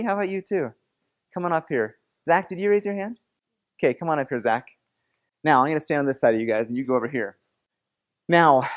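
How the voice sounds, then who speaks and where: A man leading a playful object lesson for students in a classroom, coaxing and joking with volunteers. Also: on the high side. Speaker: teacher.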